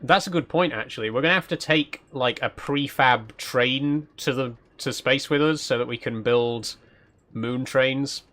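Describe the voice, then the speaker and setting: A man from South Yorkshire with a mild Yorkshire accent, live-streaming a game and chatting as he goes. He thinks aloud in a casual, rambling way at a mid-range pitch. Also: steady tone, measured pace, sharp tone. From South Yorkshire, England. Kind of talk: casual live-stream commentary while playing.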